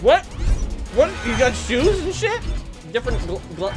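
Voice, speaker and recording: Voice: medium pitch, big pitch swings, moderate pace, over music. A YouTuber ranting through a reaction to a game trailer, swearing constantly and swinging between hype and exasperation. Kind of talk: profane reaction rant.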